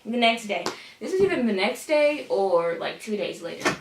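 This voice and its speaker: A woman's voice: on the high side, very animated, normal speed, distant mic, background noise. A teenage girl telling a storytime vlog in a sassy, dramatic way, often calling people "honey". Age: teens. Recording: echoey room, voice a bit off-mic.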